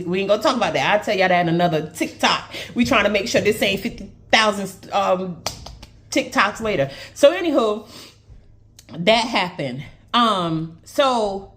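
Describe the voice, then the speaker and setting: A woman from Brooklyn, telling a personal story to her viewers in a chatty, animated way. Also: mid-range voice. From Brooklyn, New York. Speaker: storyteller on social video. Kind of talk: casual storytime vlog.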